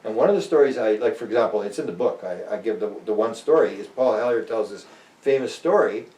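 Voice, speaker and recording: An older man from Canada, a guest in an interview, telling stories casually and acting out the people in them with lively jumps in his voice. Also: fast. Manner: animated, acts out quoted people with big pitch jumps. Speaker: interview guest, UFO researcher. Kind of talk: casual storytelling. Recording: roomy, distant mic.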